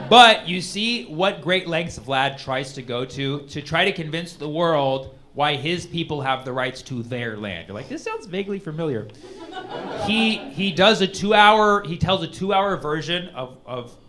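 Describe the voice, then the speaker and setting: A man doing a stand-up comedy set, talking casually and building up to loud punchlines. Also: medium pitch. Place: comedy club stage. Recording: live club mic with audience noise.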